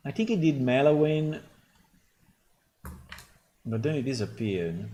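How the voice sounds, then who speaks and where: A man's voice: medium pitch, lively intonation, unhurried, warm tone. A man developing a game, talking casually while he works, thinking aloud with many fillers. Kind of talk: casual dev stream commentary.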